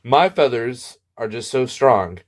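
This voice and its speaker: A man voicing a pompous, angry gentleman who hates doors, blustering and boastful in a comic spoken story. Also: medium pitch, lively intonation, slow, pitched below the performer's own voice.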